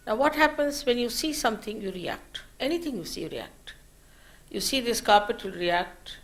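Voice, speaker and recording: A woman teacher giving a slow, measured spiritual lecture at a public program, her phrases trailing off softly. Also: fairly high pitch, expressive. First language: Marathi.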